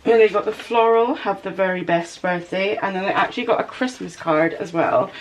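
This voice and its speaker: Woman in her thirties, gushy excitable vlog chat about her little business, middling pitch, bit of faint hiss behind. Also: fairly quick. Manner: gushing and excitable, chatty asides. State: out of breath in places. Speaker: small business owner, vlogger. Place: home studio office.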